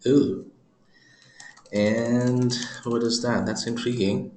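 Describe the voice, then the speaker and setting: Man presenter, unhurried delivery, jokey asides, demo narration, roomy echo. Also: medium pitch, slight background noise. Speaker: software presenter. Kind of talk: screen-recorded product demo.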